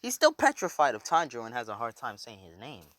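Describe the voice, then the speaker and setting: A man's voice: medium pitch, huge pitch swings, quick pace, fairly bright tone, no room sound. A man casually telling a made-up fan story, rambling with fillers and swearing. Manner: rambling, loose, swears, lots of "so yeah".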